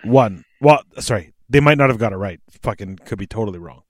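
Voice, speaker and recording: A man's voice: lowish voice, animated, brisk, no room sound, clean studio sound. A man in his thirties with a Canadian accent, hosting a casual podcast chat, chatty and profane. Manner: chatty, profane, prone to laughing. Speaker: podcast host.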